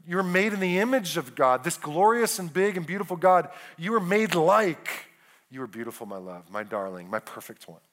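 Earnest preaching man, slightly high voice. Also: fairly bright tone. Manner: earnest, keeps asking "right?" with quick restarts. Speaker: pastor. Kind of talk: sermon.

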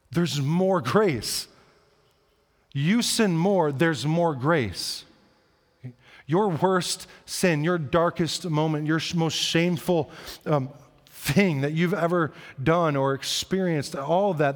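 A man's voice: on the high side, big-room sound. A man preaching a sermon in an earnest, conversational way, repeating key phrases for emphasis. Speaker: pastor.

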